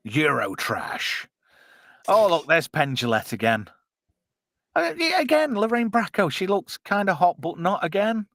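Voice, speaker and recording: A man's voice: high-pitched, big pitch swings, unhurried, a bit bright, dry recording. A man hosting a casual, jokey live-stream commentary on a film. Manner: chatty, jokey, puts on silly voices. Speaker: podcast co-host.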